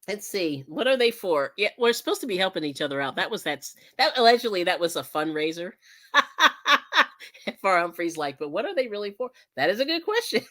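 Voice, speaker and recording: Lively low-voiced woman hosting a stream. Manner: chatty, laughs often, thanks viewers warmly. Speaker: live stream host. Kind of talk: casual chat while crafting.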